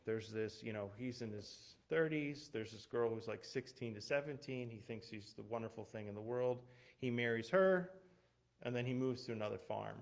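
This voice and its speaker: A man's voice: medium pitch, normal speed, vocal fry. A man, a missionary pastor, speaking as a guest in a church, telling personal stories in a conversational way with fillers and restarts. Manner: conversational, many fillers and restarts, laughs at himself. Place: church, streamed online. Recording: unstable internet stream with glitches.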